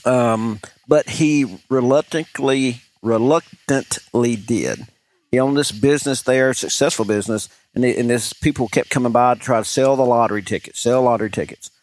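A man's voice: mid-range voice, moderate pace. Man, podcast co-host, chatty and rambling storyteller. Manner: chatty, many restarts and fillers. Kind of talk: casual chat, rambling storytelling.

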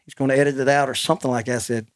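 A man's voice: medium pitch, level tone, racing, no echo, studio quality. A man hosting a podcast, telling a rambling anecdote in casual chat and laughing often. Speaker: podcast host.

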